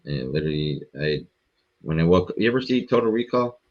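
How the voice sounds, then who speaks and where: A man appearing as a podcast guest, telling a story in a rambling, profane, animated way. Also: a bass voice, a little fast, highs cut off. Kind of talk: casual storytelling.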